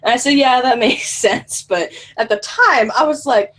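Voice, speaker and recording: A woman in her early twenties telling a funny story in casual chat, animated, laughing often and swearing freely. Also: fairly high pitch, moderate pace, few pauses. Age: 20s.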